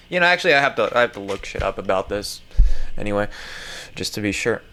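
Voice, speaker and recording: A man's voice: medium pitch, animated, brisk, sharp tone. A man casually reading an article aloud. He rambles, swears often and stumbles over words as he comments along the way.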